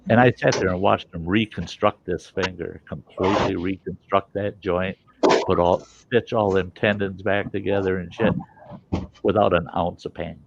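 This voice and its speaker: Gravelly man telling a profane, animated story. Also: sits low, normal speed, muffled recording, noisy background. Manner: animated, profane, acts out the people in his story. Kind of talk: casual storytelling.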